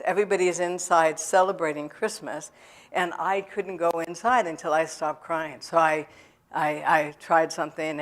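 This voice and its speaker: Low-voiced woman sharing a halting testimony. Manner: halting storytelling with many fillers and restarts; speaks directly to the audience. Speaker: guest speaker at a recovery event. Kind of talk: personal testimony to a church audience. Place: church sanctuary.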